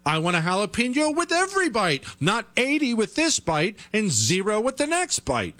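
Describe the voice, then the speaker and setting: A man's voice: high-pitched, wildly swooping pitch, moderate pace, bright, forceful tone, no room sound. A man hosting a talk show, ranting in an exasperated comic way. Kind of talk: comic rant.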